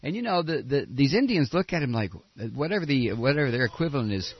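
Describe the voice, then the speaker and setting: A man's voice: medium pitch, expressive, quick pace, few pauses, husky, no echo. Sarcastic male talk radio host, dull lo-fi sound. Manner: sarcastic, breaks into shouted tirades. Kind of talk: political talk radio commentary.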